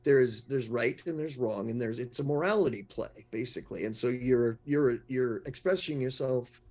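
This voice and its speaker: A man's voice: mid-range voice, moderate pace, a little mellow. A man on a discussion panel, rambling and searching for words as he thinks aloud. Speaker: panel guest.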